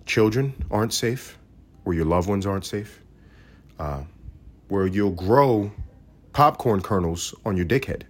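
A man hosts his own podcast with a low, husky voice, launching into a profane and sarcastic comedic rant. His delivery is highly animated, leaping between loud outbursts and quiet muttering. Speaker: podcast host.

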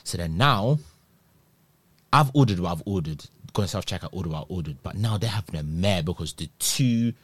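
A young man telling a story in casual chat, acting out voices and jumping high in pitch when excited. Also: normal speed, slightly rough, no room sound.

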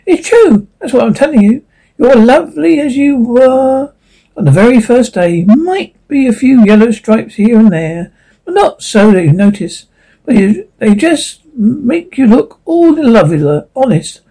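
A reader voicing a tender, husky male leaf. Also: mid-range voice, very animated, unhurried, warm tone, voice pushed up, full character voice, poor audio. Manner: tender, reassuring. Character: gentle, soothing male autumn leaf. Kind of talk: storybook reading.

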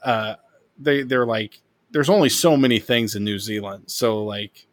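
A man's voice: on the low side, unhurried, dry recording. A man co-hosting a podcast in casual chat, rambling and speculating as he talks. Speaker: podcast co-host.

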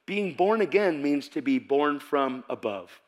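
Male preacher, higher voice, very animated delivery, testimony-driven sermon. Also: a little slow. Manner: animated storytelling that bursts into shouting.

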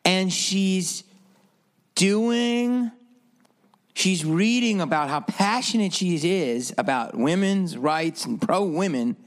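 A man hosting a solo podcast, rambling through stories with a sarcastic edge. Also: fairly high pitch. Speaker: podcast host.

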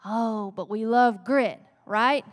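Woman pastor, conversational sermon, brightish higher voice, church hall echo. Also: slow pace. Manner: playful, conversational, often asking "right?". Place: church sanctuary. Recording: long church reverb.

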